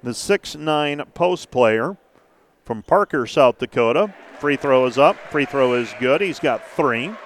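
A man calling live basketball play-by-play, brisk and name-by-name, with stat asides between plays. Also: medium pitch, expressive. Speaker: play-by-play announcer.

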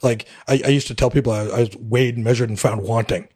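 A man's voice: medium pitch, fairly even intonation, quick pace, a little mellow, breathy edge. A middle-aged man from Canada, a military veteran guest on a podcast, telling his story candidly with a wry edge, acting out the dialogue, with frequent fillers.

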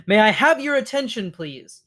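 A man's voice: high-pitched, big pitch swings, normal speed, bright, forceful tone, pitched above the performer's own voice, full character voice. A man voicing a big male goose who leads the flock, speaking formally like an announcer.

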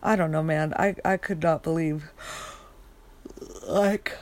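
A woman's voice: deep voice, steady tone, moderate pace. A young woman rambling in a casual rant, sleepy and yawning, swearing often and stopping to restart her sentences. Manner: rambling, profane, many fillers and restarts.

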